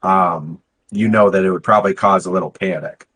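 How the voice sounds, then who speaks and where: Low-voiced man running a tabletop game. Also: steady tone, a little fast, fairly bright tone, husky, low-quality recording. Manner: plain, explanatory. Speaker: game master. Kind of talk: explaining game rules and setting.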